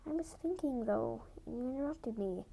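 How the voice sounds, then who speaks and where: A woman's voice: a little high, animated, moderate pace, gravelly, dark tone, husky, exaggerated voice, rough recording. A young woman voicing an awkward, worried young female cat apprentice in her fan story. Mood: hesitant. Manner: awkward, hesitant.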